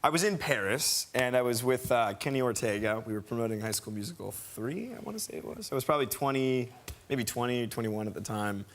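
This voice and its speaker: A man as a talk show guest, telling an anecdote in an animated, rambling way. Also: medium pitch, brisk.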